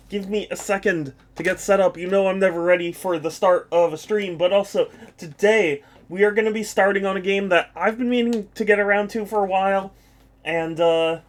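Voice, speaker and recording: A man streaming a video game, chatting casually and playfully with his viewers and laughing often. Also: high voice. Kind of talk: casual live-stream chat.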